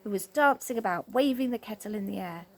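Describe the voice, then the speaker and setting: A woman reading a children's story aloud, expressive and animated. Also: mid-range voice, fairly quick.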